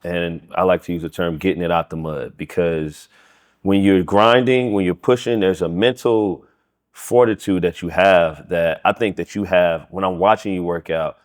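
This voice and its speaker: Male co-host, very low voice, earnest and motivational in casual chat. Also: steady tone, normal speed. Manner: motivational, earnest, backs up others with yeahs. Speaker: podcast co-host, gym trainer.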